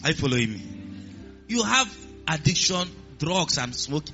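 A man preaching a sermon in an emphatic, lively way, with repeated refrains. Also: on the high side, moderate pace. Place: church. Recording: muffled recording with music behind.

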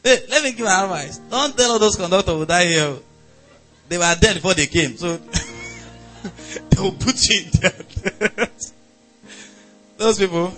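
A man with a Nigerian accent preaching a sermon, animated and acting out quoted voices. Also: mid-range voice. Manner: animated preaching, acts out angry voices, laughs. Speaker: pastor.

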